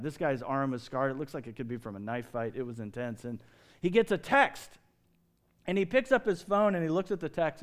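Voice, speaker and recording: A middle-aged man and pastor, preaching a sermon with lively storytelling and big swings in pitch and loudness.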